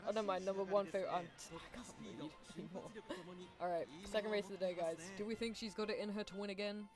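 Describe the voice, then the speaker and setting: A woman streaming a racing game, chatting casually with viewers and cheering on her runners with excitement. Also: mid-range voice, fast, music in the background.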